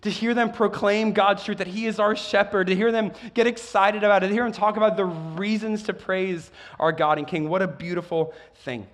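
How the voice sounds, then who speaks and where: A male pastor preaching in a church, eager and animated, who often trips over his words and starts sentences again. His voice sits high for a man. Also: normal speed, few pauses. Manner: excitable, with frequent stumbles and restarts. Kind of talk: sermon.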